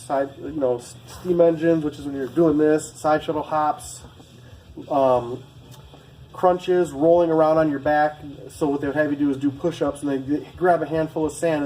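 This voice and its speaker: A man recounts his boot camp days to the camera in a loose, rambling way, swearing freely and breaking off into asides. His voice sits a little high for a man. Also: mellow, a little hiss or hum, poor audio. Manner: rambling, profane, with many asides and fillers. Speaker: former Marine recruit telling a story. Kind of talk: casual storytelling vlog.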